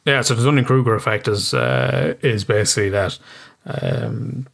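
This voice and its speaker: Brief: Irish male therapist guest, low-pitched, relaxed and plain-spoken with casual swearing. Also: normal speed, creaky. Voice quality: casual, swears freely, frequent restarts. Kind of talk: casual interview explanation.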